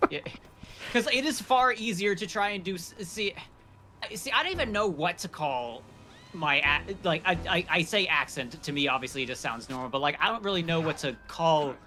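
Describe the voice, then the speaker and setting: A man's voice: a little high, expressive, normal speed, pushed and bright. A young Midwestern American man as a guest co-player on a gaming stream, laid-back, laughing often and trailing off mid-thought. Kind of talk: casual co-op gaming chat.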